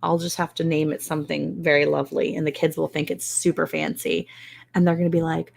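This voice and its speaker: A woman chats casually on a live stream from her home, wry and self-mocking. Her voice sits low with a gravelly fry, and she talks in loose, rambling asides. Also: flat delivery, fairly quick. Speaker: host of a live ranch stream. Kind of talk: casual live-stream chat reading comments. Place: indoors at home.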